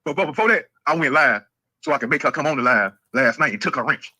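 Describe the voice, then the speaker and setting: Brief: man, quick brash storyteller, bright tense voice. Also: a little high, breathy edge, low-quality recording. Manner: fast, profane storytelling, animated quoting. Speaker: live-stream co-host. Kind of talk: casual live-stream gossip chat.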